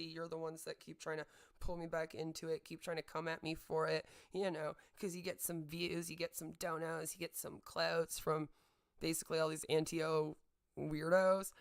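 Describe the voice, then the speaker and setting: Woman host, low gravelly voice, sarcastic and heated, repeats herself for emphasis on stream. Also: steady tone, normal speed. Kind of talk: livestream rant.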